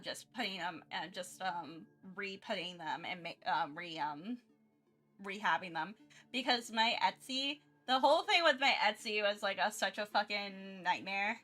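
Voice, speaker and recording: A woman's voice: medium pitch, pushed and bright. A woman streamer chatting casually during her art livestream, rambling with many restarts and frequent giggles.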